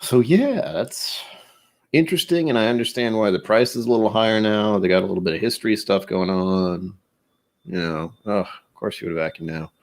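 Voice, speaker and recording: This whiskey channel host talks fairly quickly in a voice on the low side. His tasting vlog is relaxed and chatty, full of meandering, self-deprecating remarks, and he stumbles when reading text out loud.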